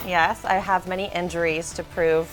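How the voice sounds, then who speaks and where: A woman from Florida, an actress guest chatting in a casual, giggly way with quick asides, in an interview studio. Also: fairly low pitch, level tone, faint music behind, low-quality recording.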